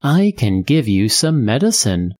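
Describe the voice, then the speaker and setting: A reader voicing a hungry, scheming male cat who pretends to be a doctor, in a slow storybook reading with a raised, sweet-talking voice. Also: mid-range voice, big pitch swings, a little mellow, dry recording. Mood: coaxing.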